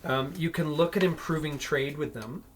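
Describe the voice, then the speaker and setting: A man running a board game as game master, explaining rules with many pauses and self-corrections. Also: on the high side, slight background noise.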